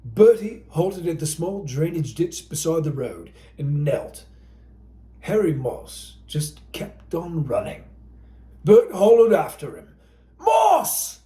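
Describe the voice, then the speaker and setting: A man's voice: fairly high pitch, big pitch swings, slow pace, mellow. Dramatic male audiobook narrator, echoey.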